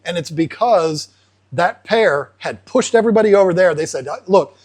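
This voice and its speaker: A man's voice: high voice, moderate pace. A man hosting an aquarium channel, explaining casually and acting out fish in playful asides. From United States. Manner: animated, acts out fish voices in asides.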